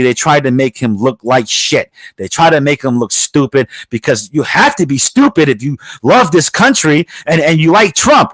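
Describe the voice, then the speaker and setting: A man's voice: a little high, a bit bright, no room sound. Heated, foul-mouthed male podcast host. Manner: heated, swearing constantly, rambling restarts. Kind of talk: profane political rant.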